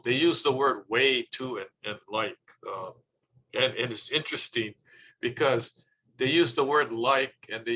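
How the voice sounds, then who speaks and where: A man presenting tips on public speaking in a relaxed, chatty way, acting out little quoted remarks. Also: mid-range voice, slight background noise, low-quality recording.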